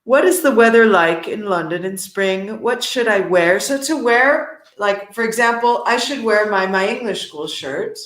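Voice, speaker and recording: A woman's voice: medium pitch, expressive, measured pace, hardly any pauses, fairly bright tone, roomy sound. A woman co-hosting an English lesson webinar over a video call, upbeat and encouraging as she explains what words mean. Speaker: webinar co-host, English teacher. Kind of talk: casual online English lesson.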